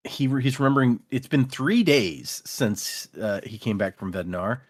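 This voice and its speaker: A man co-hosting a casual book discussion podcast, retelling chapters with animated energy. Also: medium pitch, normal speed. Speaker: podcast co-host. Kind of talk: casual chat recapping a book.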